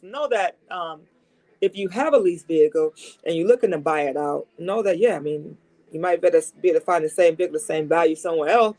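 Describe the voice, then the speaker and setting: A woman's voice: lowish voice, warm tone. A woman who works as a car salesperson, giving casual advice from her desk at a dealership. She is coming down with a cold, and she talks in an emphatic, chatty way, repeating her key points. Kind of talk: casual advice talk to camera.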